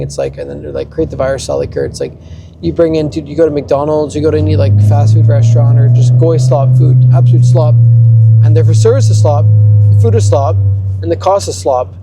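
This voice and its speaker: A man's voice: fairly high pitch, expressive, fairly quick, vocal fry, very noisy. A young man in a rambling, profane rant, often restarting. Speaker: vlogger. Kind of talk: ranting monologue.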